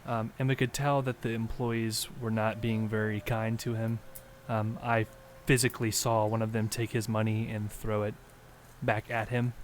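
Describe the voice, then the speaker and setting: A man's voice: on the low side, level tone, normal speed, slight background noise. A young man co-hosting a podcast, telling a story in an earnest, rambling way with plenty of ums. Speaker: podcast co-host. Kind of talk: casual storytelling.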